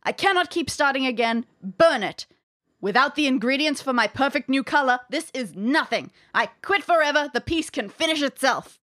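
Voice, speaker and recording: Brief: woman as fiery male painter, storming tantrum, loud and emphatic, close dry mic. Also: sits high, expressive, normal speed, no echo. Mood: furious. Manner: ranting, melodramatic outbursts. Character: furious temperamental male artist.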